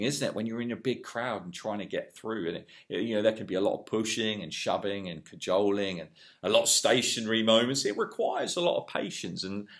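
A man preaching a sermon with an earnest delivery, rising to loud emphasis and dropping to hushed lines. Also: fairly low pitch.

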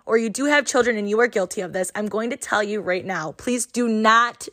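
A woman's voice: fairly high pitch, fairly bright tone, no echo, studio quality. A woman hosting a casual advice talk, speaking chattily and directly to her listeners with frequent fillers. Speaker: podcast host giving life advice.

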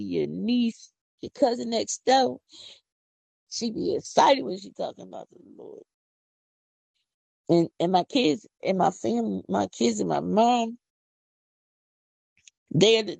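A middle-aged woman from Philadelphia with a Philadelphia accent, hosting a casual, preachy podcast monologue with excited whoops. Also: medium pitch, gravelly, breathy edge, no echo. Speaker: podcast host. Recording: dull lo-fi audio.

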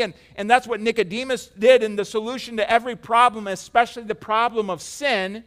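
A man preaching a sermon, repeating words and swinging between emphatic declarations and quiet, hushed passages. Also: high voice, fairly even intonation, fairly quick, hardly any pauses.

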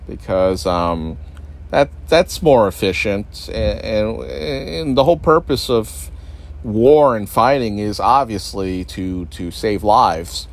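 In a lowish voice and at an unhurried pace, a man delivers a casual, rambling rant. He's sarcastic, restarts often, swears frequently, and mocks other people's voices along the way.

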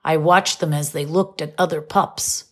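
A woman narrating a children's storybook from a dog's point of view, gentle and expressive, rising high when surprised. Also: moderate pace.

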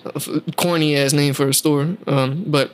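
A man's voice: a little high, fairly even intonation, normal speed, clean tone. A young man hosting a podcast, chatting casually and telling a profane, laughing story. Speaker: podcast host. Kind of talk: casual chat.

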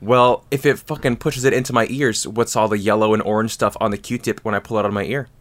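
A man's voice: on the low side, steady tone, fast talker. A young man co-hosting a casual podcast chat, crude and joking, laughing often. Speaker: podcast co-host.

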